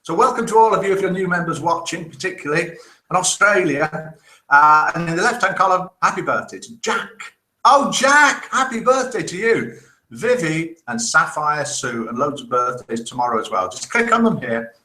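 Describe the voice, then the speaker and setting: A man's voice: a little high, animated, fairly quick, pushed and bright. A man hosting a live online show, chatting casually, reading out viewer comments and telling jokes he laughs at himself. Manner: chatty, jokey, laughs at his own jokes. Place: indoor room in Spain. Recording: roomy echo.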